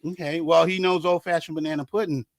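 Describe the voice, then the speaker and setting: A man on a podcast telling stories with lively acted-out quotes, dropping to a hush for sad moments. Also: a little high, fast, no room sound. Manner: animated storyteller acting out quotes, trails into hushed tones. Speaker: guest, artist manager and concert promoter. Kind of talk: casual storytelling chat.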